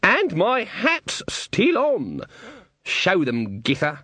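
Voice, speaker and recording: Brief: male reader as a sharp-tongued old witch, mocking and commanding, in an audiobook. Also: sits high, huge pitch swings, extremely slow, dry recording, voice pushed up, full character voice. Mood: scornful. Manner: scornful, bossy, mocking.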